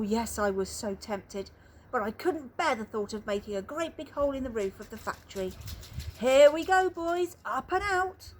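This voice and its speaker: A woman's voice: a little high, breathy edge. A woman voicing a cheerful, eccentric male chocolate maker who speaks in bold exclamations.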